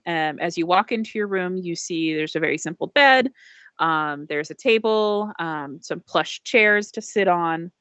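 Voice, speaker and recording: A woman's voice: on the low side, a little slow, fairly bright tone, clear, resonant tone, dry recording. Chatty woman narrating as game master. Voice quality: chatty, full of fillers. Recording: dull lo-fi dry sound.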